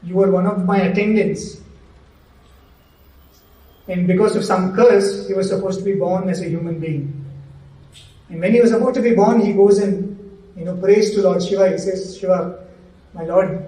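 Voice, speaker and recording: A man's voice: sits high, moderate pace, pauses often. A man telling a devotional story to a gathering, acting out the characters' lines as he goes. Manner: animated storyteller acting out quoted dialogue. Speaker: devotional speaker. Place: community hall. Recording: roomy hall, mic at a distance.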